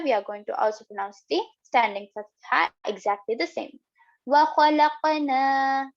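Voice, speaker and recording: A woman's voice: on the high side, muffled recording. A woman teaching a recitation lesson step by step, patiently repeating each example several times.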